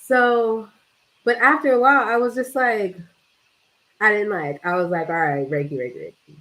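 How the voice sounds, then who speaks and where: A woman's voice: fairly high pitch, moderate pace, sharp tone, rough recording. A young woman telling a casual story to camera, chatty and swearing freely, with lots of "like" and talk of energy and vibes. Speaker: vlogger.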